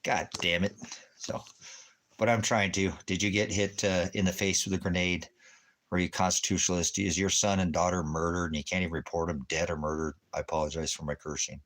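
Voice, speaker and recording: A man's voice: low voice, flat delivery, a little fast, a bit bright. A man hosting a casual livestream, rambling and preachy and often cursing, now and then cooing at his dog. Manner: baby talk to his dog. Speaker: YouTube channel host.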